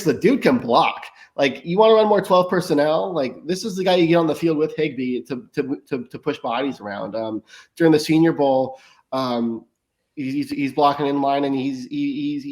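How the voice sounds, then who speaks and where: A man's voice: medium pitch, darkish tone. A man talking as a podcast guest in casual analysis, often stumbling and restarting his words. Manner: rapid talk with frequent stammered restarts.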